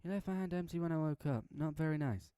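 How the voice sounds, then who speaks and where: A man voicing a sweet, timid teenage schoolgirl who cries easily, with a high, soft, whimpering voice. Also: quick pace, smooth, dry recording, natural voice.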